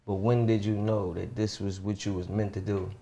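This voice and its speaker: A man hosting a casual interview who asks his questions in a relaxed, slangy way. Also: lowish voice, moderate pace. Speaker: host.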